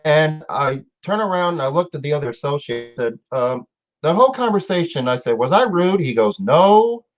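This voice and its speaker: A man's voice: fairly high pitch, lively intonation, faint music behind. Guy hosting a stream, rambly, keeps restarting, dull muffled sound. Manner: rambling, halting, many fillers and restarts. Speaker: host. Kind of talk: casual chat. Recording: dull lo-fi audio.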